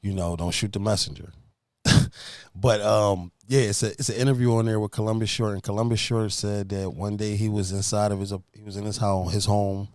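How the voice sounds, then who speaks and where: A man's voice: lowish voice, dry recording, clean studio sound. A man co-hosting a casual podcast, retelling a story with lots of fillers. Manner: storytelling, animated when retelling. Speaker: podcast co-host. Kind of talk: casual chat.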